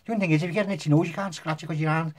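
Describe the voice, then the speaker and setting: A man's voice: a little high, fairly even intonation, racing. A man casually demonstrating magic tricks to the camera, joking and poking fun at himself as he rambles. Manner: jokey, self-mocking, rambling.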